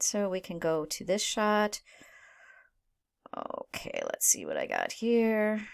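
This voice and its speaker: A woman instructor with a mid-range voice narrates a screen-recorded software tutorial. She's casual and thinks aloud, frequently checking in with "right?".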